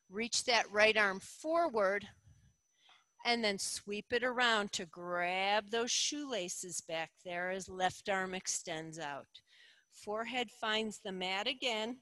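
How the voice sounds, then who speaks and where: A middle-aged woman guides a yoga class with calm, encouraging cues. She speaks slowly and deliberately, and her voice sounds dry and close, with no room echo. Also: mid-range voice. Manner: calm, encouraging cueing with slow deliberate phrasing. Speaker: yoga instructor.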